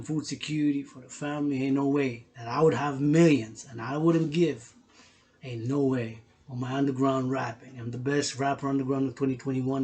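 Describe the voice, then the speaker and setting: Here the workout video host sounds mid-range and a little mellow. His emotional vlog talk wanders and repeats, and he curses freely while speaking in casual street slang.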